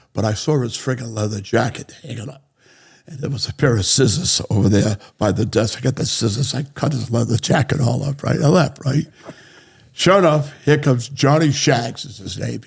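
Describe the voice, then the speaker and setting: A man spins an anecdote in a blunt, salty, lively way. His voice has a gravelly, husky grain. He sits at a middle pitch for a man. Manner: blunt, profane, animated anecdote-telling. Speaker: interview guest. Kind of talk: casual storytelling.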